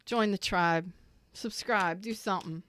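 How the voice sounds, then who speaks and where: A woman's voice: mid-range voice, measured pace, fairly bright tone. A woman giving a heartfelt tarot reading, earnest and emotional, repeating phrases and sounding close to tears. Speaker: tarot reader.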